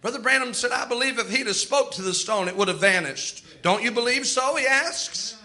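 A man's voice: very high-pitched, a little fast, pushed and bright. A man preaching a sermon, telling the story with impassioned, dramatic rises and outbursts.

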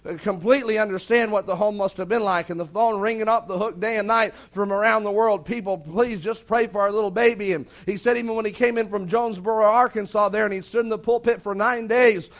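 A man's voice: sits high, fairly even intonation, fast, few pauses, a bit bright. A man preaching a sermon, telling a long anecdote in a folksy way and acting out the quoted dialogue. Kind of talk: sermon storytelling.

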